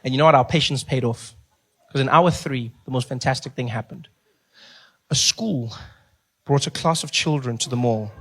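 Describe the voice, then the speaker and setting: A man performing a stand-up comedy set, telling a story with animated delivery and put-on voices. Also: medium pitch, moderate pace, long pauses.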